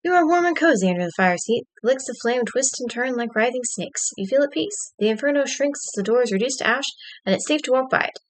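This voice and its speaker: A woman's voice: high voice, animated, quick pace. A woman streamer reading an interactive story aloud, dropping wry, dry asides between passages.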